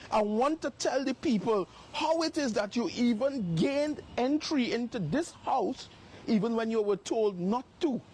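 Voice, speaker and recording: A man's voice: extremely high pitch, lively intonation, unhurried, a little mellow, slightly rough. A man livestreaming from outdoors on his phone, making repeated, emphatic accusations. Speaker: live-stream host. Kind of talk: livestream exposé. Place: outdoors by a property.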